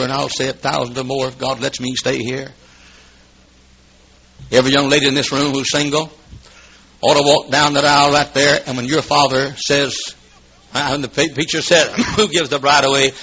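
A man preaching a fiery revival sermon in a church, swinging from shouts to hushed asides and coughing now and then. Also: medium pitch, little pitch movement, moderate pace, vocal fry, slight background noise. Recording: dull lo-fi old recording.

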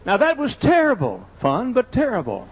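A man's voice: extremely high pitch, wildly swooping pitch, normal speed, breathy edge. An older man, a pastor, telling folksy, joking anecdotes in a sermon. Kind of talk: humorous sermon storytelling. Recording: dull lo-fi sermon recording.

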